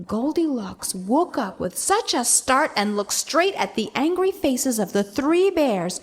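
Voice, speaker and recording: A woman's voice: sits high, very animated, unhurried, few pauses. A woman, a teacher narrating a children's storybook expressively.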